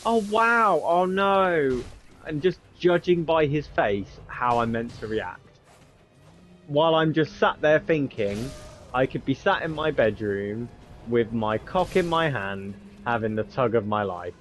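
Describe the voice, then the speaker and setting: A man's voice: medium pitch, expressive, measured pace, faint music behind. A young man, casually telling a long story full of swearing and acting out both sides of each conversation. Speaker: gamer streamer.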